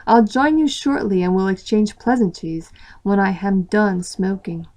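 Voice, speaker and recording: A woman voicing a mysterious, charming young man with a deep, old-fashioned way of talking, in a storybook reading. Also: measured pace, a little mellow, close to an everyday voice. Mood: calm. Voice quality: deep archaic voice.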